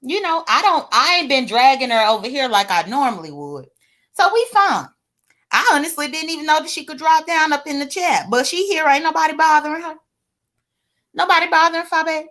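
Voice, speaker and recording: A woman's voice: sits high, big pitch swings, fairly quick, bright, forceful tone. A woman giving casual, sassy gossip commentary to her viewers, chatty and exclamatory. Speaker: online drama commentator.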